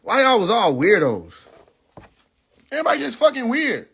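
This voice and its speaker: A young man rants on a casual livestream. His voice sits very high, and his pitch swoops up and down as he talks. He sounds incredulous and profane, and he laughs between lines. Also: huge pitch swings, moderate pace, creaky, a bit bright, breathy edge. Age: young adult. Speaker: livestream host. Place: in a car.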